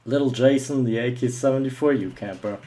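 Brief: young male gamer, ranting commentary, profane, sarcastic taunts, mid-pitched. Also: fairly quick, dark tone, slight background noise. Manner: angry ranting, swearing often; mocking taunts at opponents. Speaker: gameplay commentator. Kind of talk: live gameplay commentary.

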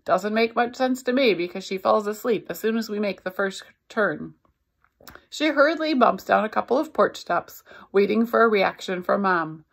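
A woman's voice: medium pitch, moderate pace, gravelly. A woman reading a novel aloud, expressively voicing the narrator. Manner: expressive storytelling. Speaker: reader.

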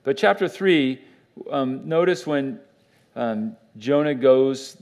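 A man's voice: medium pitch, animated, slow, darkish tone. A man, a pastor, giving a conversational Bible teaching in church, with fillers and restarts.

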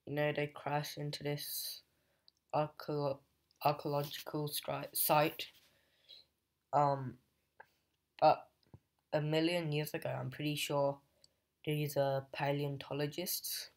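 Male comic reviewer, unhurried and level, loose rambling recap full of fillers. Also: a little high. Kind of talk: casual plot recap.

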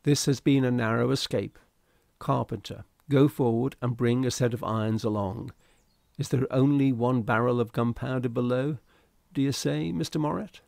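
A man reading a calm ship's captain. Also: mid-range voice, creaky, no echo, clean studio sound, lightly acted. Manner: quiet, measured orders.

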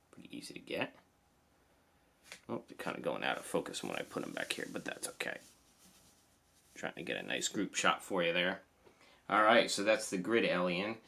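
A man's voice: low voice, vocal fry, pushed and bright, husky. A man with a New Jersey accent casually reviewing toy figures, chatty and enthusiastic. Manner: enthusiastic, chatty, lots of "awesome".

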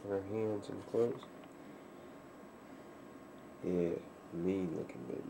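A man at home gently asking his toddler simple questions again and again, in playful talk. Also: low-pitched, steady tone, slow, creaky, noisy background. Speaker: father talking to his toddler.

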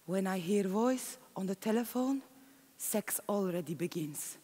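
Actress voicing a immigrant woman in a stage monologue; slow broken English, big hall reverb. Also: medium pitch, expressive, mellow. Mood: longing. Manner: broken English, plain storytelling. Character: Turkish immigrant woman recounting her marriage. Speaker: stage performer. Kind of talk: theatrical monologue. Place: large conference hall. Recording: long reverb of a conference hall.

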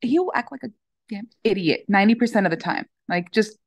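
A middle-aged woman chatting in an interview, telling animated stories with lots of fillers. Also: medium pitch, fairly quick, no echo. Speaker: dog owner guest. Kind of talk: casual interview chat.

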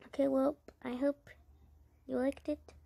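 A woman's voice: high voice, flat delivery, unhurried, vocal fry, mellow. A woman giving casual let's-play commentary, narrating her own moves and chatting to her viewers. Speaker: gaming channel creator.

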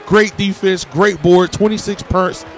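A man giving excited, trash-talking play-by-play commentary over his own basketball video game session. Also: sits high, measured pace, faint music behind. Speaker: gaming video creator. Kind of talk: gameplay commentary.

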